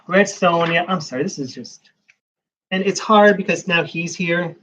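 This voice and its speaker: A man's voice: high-pitched, moderate pace, fairly bright tone, dull audio. A man giving rambling live-stream commentary while flipping through a comics preview magazine, with sarcastic asides.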